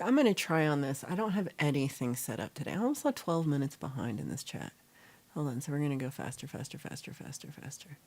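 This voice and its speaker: A woman's voice: low-pitched, a little mellow. A woman hosting a casual livestream chat, rambling with fillers as she reads out and answers viewers' comments. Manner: rambling with fillers and self-corrections. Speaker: livestream host.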